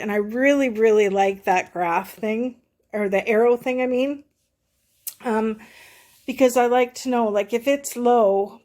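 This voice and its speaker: A woman's voice: mid-range voice, a little mellow. A middle-aged woman talking in a casual, rambling vlog review, short of breath and full of fillers and restarts. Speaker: vlogger reviewing a product.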